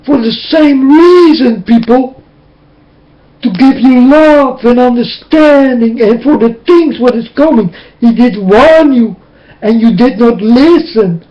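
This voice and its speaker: A man's voice: very high voice, slow pace. Impassioned man on lo-fi webcam audio. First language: Dutch. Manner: impassioned, tearful, repetitive preaching. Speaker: webcam speaker. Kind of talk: emotional webcam monologue. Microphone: webcam mic.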